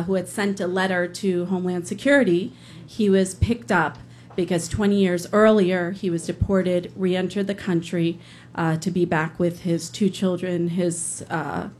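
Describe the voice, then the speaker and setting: A woman's voice: lowish voice, darkish tone, a little hiss or hum. A woman telling a personal story live on stage, earnest, with some hesitations. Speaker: storyteller, public defender.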